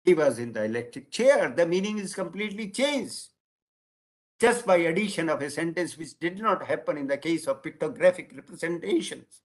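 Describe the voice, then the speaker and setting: A man with an Indian English accent giving a lecture, calling his listeners "friends" and stressing key words slowly. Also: fairly high pitch, animated.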